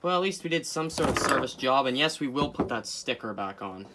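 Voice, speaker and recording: A man chatting his way through a hobby repair, rambling and cracking jokes at his viewers while he works. He sits at an ordinary middle pitch, and now and then he breaks into sudden loud outbursts. The take is a noisy home recording, caught on a camera mic with him often standing away from it. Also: lively intonation, brisk. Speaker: hobbyist video host repairing a clock. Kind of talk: casual narrated repair video. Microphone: camera mic, speaker often away from camera.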